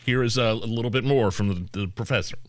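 A man co-hosting a radio show in a studio, animated and quick to laugh while he reads out news bits. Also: medium pitch, heavy background noise. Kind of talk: casual radio banter. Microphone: studio microphone.

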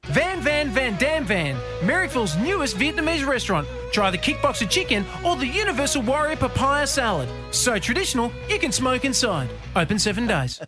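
Brief: cheesy ad announcer, done by a man, lively, with guitar music under. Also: very high voice, fairly quick, hardly any pauses. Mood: hammy. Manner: stumbling, hammy. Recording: ad read over loud guitar music.

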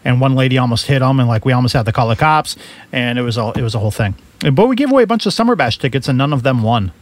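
A man on a video call, telling casual stories in an animated way and laughing through them. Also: medium pitch, rapid-fire, dry recording. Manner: animated storyteller, laughs through his anecdotes. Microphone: computer mic on a video call.

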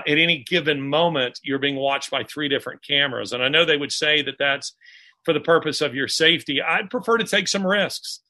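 A man, an author being interviewed, talking in a halting way with many pauses and restarts. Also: fairly high pitch, bright, forceful tone. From Alabama, US. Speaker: author guest. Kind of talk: casual interview conversation.

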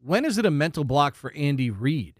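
A man's voice: fairly high pitch, big pitch swings, a little fast, dry recording, studio quality. A man co-hosting a sports talk show, building his argument point by point with statistics. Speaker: sports radio co-host.

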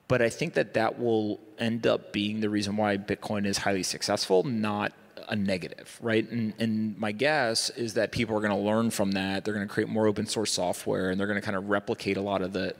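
A man's voice: lowish voice, creaky, big-room sound. A man speaking as a guest on a conference panel, talking emphatically with rhetorical asides. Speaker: guest investor. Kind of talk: panel discussion. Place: conference stage.

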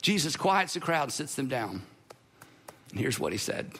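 A middle-aged man preaching a sermon as pastor, telling the story in a lively way and acting out the voices he quotes. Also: medium pitch, normal speed, husky.

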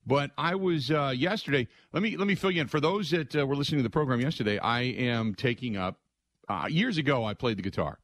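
A middle-aged man hosting a sports radio show, telling stories in an excitable, conversational way and acting out other people's lines. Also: mid-range voice, a little fast, no room sound. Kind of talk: animated storytelling monologue.

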